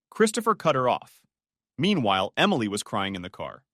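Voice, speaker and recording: A man reading out a dramatic story, his pitch rising and falling a lot as he tells it. it is recorded close to the mic and sounds very dry, with no room around it. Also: wildly swooping pitch, a little fast, a bit bright, no room sound. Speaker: narrator. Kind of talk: scripted story narration.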